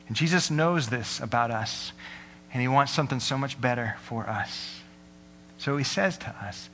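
A man's voice: on the high side, fairly quick, sharp tone, slight background noise. A young man preaching a sermon, telling stories earnestly and voicing the people in them, sounding tired. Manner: earnest storytelling with quoted voices. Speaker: pastor. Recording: long hall reverb.

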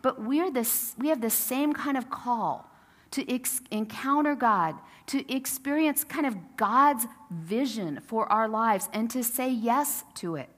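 A woman's voice: on the high side, expressive, slow pace. A woman pastor preaching a sermon in a casual, storytelling way, acting out the quotes. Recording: long reverb of a church sanctuary.

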